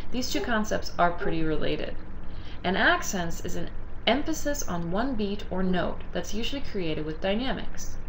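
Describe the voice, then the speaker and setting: A woman giving a recorded music lesson, explaining rhythm and tempo step by step in a clear, patient teaching manner. Her voice sits at a middle pitch for a woman. A faint hiss runs under the recording. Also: fairly bright tone, poor audio. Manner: explanatory, sings short demonstration phrases.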